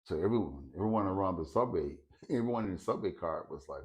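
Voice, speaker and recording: Male storyteller, casual and hesitant, lowish voice, repeats words often. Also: lively intonation, fast. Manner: hesitant, repeats words while finding them.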